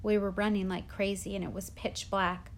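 An audiobook narrator, a woman with a mid-range voice, reads a children's novel as scripted narration. She tells the story plainly and steadily at a moderate pace.

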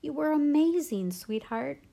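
A woman voicing a proud father heaping loud, enthusiastic praise on his daughter, pitched above her reading voice. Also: animated, moderate pace. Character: proud, excited father of a teenager.

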